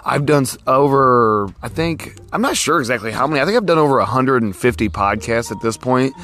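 A man's voice: medium pitch, expressive, a little fast, a bit bright. A man in his forties hosting a podcast outdoors, talking in a rambling, folksy way full of "you know" fillers. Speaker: podcast host. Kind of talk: casual podcast monologue. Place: outdoors near a road.

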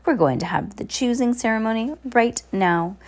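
A woman's voice: fairly high pitch, expressive, moderate pace, voice pushed up. A woman reading a gloating villain count. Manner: read aloud with slips. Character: scheming villainous male troupe leader, theatrical.

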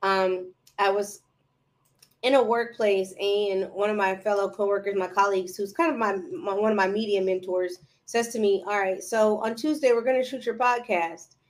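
Woman podcast guest, casual chat, lively storyteller who plays out old conversations. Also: mid-range voice, moderate pace. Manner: animated storyteller, acts out her own past dialogue.

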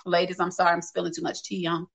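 Hosting a relaxed livestream, this adult woman reads out viewer comments, talks frankly to her viewers, and laughs a lot. She speaks quickly in a lowish, monotone, creaky voice over poor audio.

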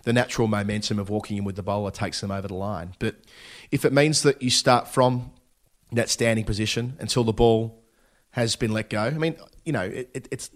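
Hesitant man, lowish voice. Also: fairly quick. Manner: thoughtful, hesitant, many restarts. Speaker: podcast co-host. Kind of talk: casual podcast chat.

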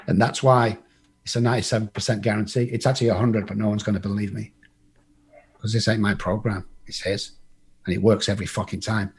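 Husky-voiced man, recovery speaker, salty storyteller who plays every part himself. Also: fairly low pitch, level tone, fairly quick. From England. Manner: blunt and profane, acts out the voices in his story. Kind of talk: personal storytelling to a live group.

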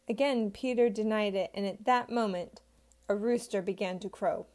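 A woman giving a steady, measured scripted reading of a Bible passage. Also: on the high side. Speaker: scripture reader.

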